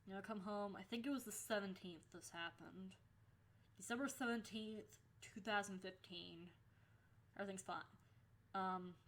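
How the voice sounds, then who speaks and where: A young woman with a mid-range voice tells a story straight to her audience in a casual vlog. She is lively and swears freely, and she breaks into the voices of the people she quotes. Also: medium pitch. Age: young adult. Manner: animated, swears freely, acts out quoted lines. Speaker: vlogger.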